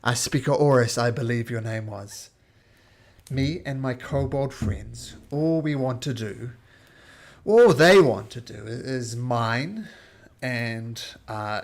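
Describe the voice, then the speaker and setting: Man voicing a smooth-talking cultured kobold. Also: medium pitch, slow. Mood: persuasive. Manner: persuasive, polite salesman.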